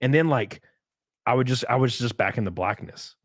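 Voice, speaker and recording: A young man in casual podcast chat, rambling through a story with lots of likes and restarts and sudden bursts of excitement. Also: mid-range voice, moderate pace, no echo, studio quality. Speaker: podcast guest.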